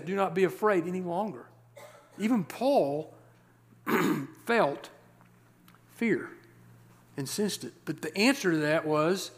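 A male pastor preaching a sermon, reading scripture verses and explaining them with rhetorical questions and slowed, stressed words. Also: on the high side. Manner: emphatic, slows down to stress key words.

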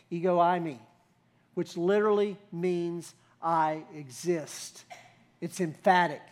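Pastor, male, higher-pitched voice; conversational sermon, rhetorical questions, builds to emphasis.

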